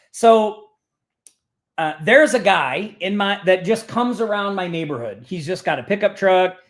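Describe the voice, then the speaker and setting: Guy with a fairly high voice hosting a live stream, chatty and loose, reads stuff out, talks to the chat. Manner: chatty, reads example texts aloud, talks to chat by name. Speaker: live show host. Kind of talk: casual screen-share teaching.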